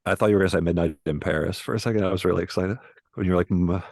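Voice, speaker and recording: A man co-hosting a film podcast, cutting in with quick wisecracks. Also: deep voice, gravelly, a little mellow, dry recording, clean studio sound. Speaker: podcast co-host. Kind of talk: casual chat.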